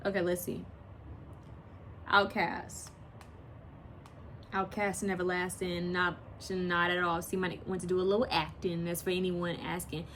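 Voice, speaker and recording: A woman giving a casual pick-a-picture card reading, chatty and rambling, often pausing to search aloud for a word. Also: fairly low pitch, flat delivery, fairly bright tone, slight background noise. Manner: swears and laughs casually while talking. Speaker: tarot card reader.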